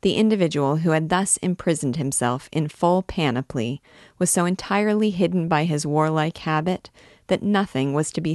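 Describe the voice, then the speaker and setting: A woman reading a classic novel aloud in measured, clear narration. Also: sits low, a little mellow, no room sound, studio quality. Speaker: reader. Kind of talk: literary read-aloud.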